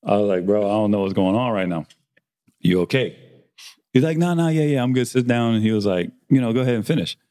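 A man's voice: lowish voice, fast, dark tone. A man telling a barbershop story in casual chat, acting out the dialogue and swearing freely. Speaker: barber and podcast host.

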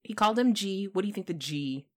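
A woman podcast host in casual chat, telling stories in an animated way and laughing often. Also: mid-range voice, fast talker.

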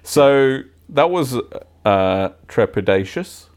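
A man's voice: medium pitch, animated, slow, clear, resonant tone. A man co-hosting a casual podcast, telling rambling stories with jokes. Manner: joking, rambling anecdotes. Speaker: podcast co-host. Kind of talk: casual chat.

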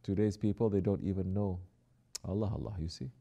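A man preaching a sermon who exhorts his listeners, drops to soft, quiet asides and then rises to emphatic lines. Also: low-pitched, fairly even intonation, brisk, vocal fry.

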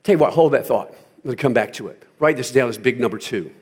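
A male pastor preaching a sermon, driving points home with emphatic repetition and rising to loud peaks. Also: mid-range voice, animated, fast, husky.

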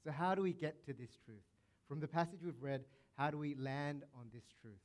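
A man's voice: on the high side, brisk. A male pastor preaching a sermon in a conversational, playful way, acting out quotes now and then.

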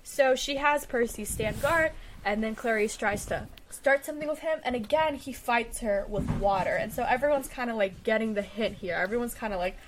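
A chatty woman with a slightly high voice talks through a book with a friend. She recaps the plot in loose, rambling sentences and laughs easily. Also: normal speed, noisy background. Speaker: book discussion co-host. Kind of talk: casual book chat.

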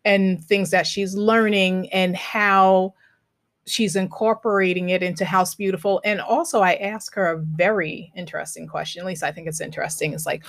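A woman's voice: lowish voice, normal speed. Chatty woman hosting a podcast. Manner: chatty, animated storytelling with many fillers. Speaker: podcast host. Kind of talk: casual interview chat.

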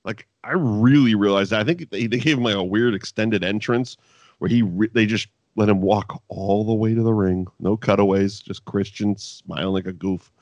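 A man's voice: fairly low pitch, normal speed, dry recording, highs cut off. A man co-hosting a casual chat podcast reviewing wrestling, swearing freely and breaking into mock voices.

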